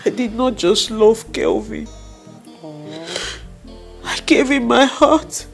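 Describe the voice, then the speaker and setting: An actress playing a heartbroken young woman in a film drama, talking low and weary as if near tears. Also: slow pace, gravelly, soft background music, heavily acted. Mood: despairing. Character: heartbroken young woman, betrayed and self-doubting. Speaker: heartbroken friend.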